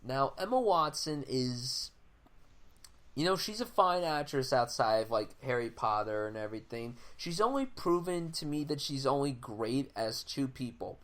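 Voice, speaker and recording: A young man chats through film reviews on a podcast, blunt and casual and quick to swear. He stops and restarts his sentences as he works through his thoughts. His pitch sits in an ordinary middle range for a man. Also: animated, a bit bright. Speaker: podcast co-host. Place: home, audio only.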